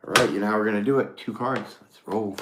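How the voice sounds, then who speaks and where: A man's voice: on the low side, fast talker, reverberant, noisy background. A man doing a casual live tarot reading, a swearing storyteller who rambles and laughs often. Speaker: tarot reader; former mechanic.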